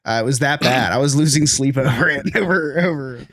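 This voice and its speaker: A man's voice: medium pitch, a little fast, fairly bright tone, no echo. Philly guy in his 30s, podcast cohost, rambling stories, dry mic. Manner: rambling storyteller, laughs often. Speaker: podcast co-host. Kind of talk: casual chat.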